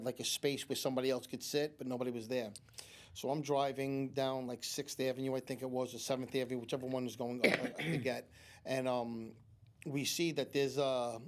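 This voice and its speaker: A man, a psychic medium guest on a studio talk show, telling long anecdotes with many restarts and acting out what people said. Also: medium pitch. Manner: rambling anecdotes with many restarts and acted-out quotes. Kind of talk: storytelling in a talk show interview. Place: community TV studio.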